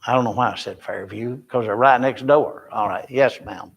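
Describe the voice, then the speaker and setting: A man's voice: mid-range voice, moderate pace, vocal fry. An older man, a missionary, giving an informal and rambling report to a church Bible class with folksy, self-deprecating humor.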